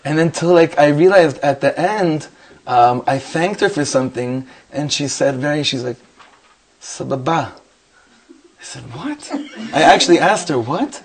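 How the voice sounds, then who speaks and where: A middle-aged man, a rabbi, telling lively anecdotes full of quoted dialogue before a Torah class. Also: a little high, measured pace.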